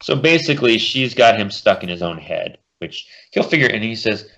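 A man with a fairly low voice talks through a comic book plot in casual podcast chat. He keeps up the recap with his own asides. The recording sounds dull and lo-fi. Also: sing-song, bright, forceful tone. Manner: summarizes plots and puts on quick character voices.

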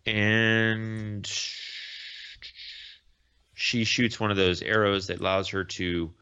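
A man with a fairly low voice casually retelling a comic story on a podcast, rambling and fixing his slips as he goes. The sound is dull and lo-fi. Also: steady tone, moderate pace, pushed and bright, clear, resonant tone. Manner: rambling, self-correcting retelling. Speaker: podcast host. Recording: dull lo-fi recording.

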